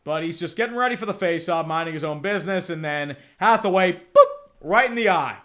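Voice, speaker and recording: A young man giving casual hockey play-by-play, reading chat messages in between with excitable, profane, rambling asides. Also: high-pitched, brisk. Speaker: streamer doing play-by-play.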